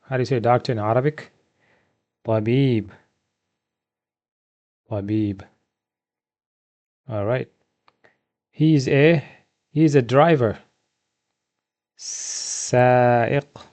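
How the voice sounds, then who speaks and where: A man teaching a beginner vocabulary lesson from slides, asking questions and then slowly repeating each word twice. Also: mid-range voice, a little mellow. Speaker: Arabic teacher.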